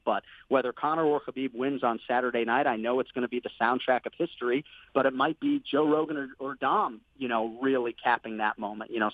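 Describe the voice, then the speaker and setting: A man's voice: medium pitch, no room sound. A man in his thirties, a sports commentator, chatting in an interview about his work and family in an earnest, enthusiastic way. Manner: earnest, enthusiastic, with fillers like "you know" and "man". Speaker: MMA play-by-play commentator, guest. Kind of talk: casual interview chat. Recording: tinny phone line, dry.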